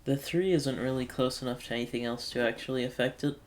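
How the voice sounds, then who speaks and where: A man's voice: medium pitch, steady tone, fast talker, slight background noise. A man thinking aloud in wry self-talk while commentating a puzzle game. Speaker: let's play gamer.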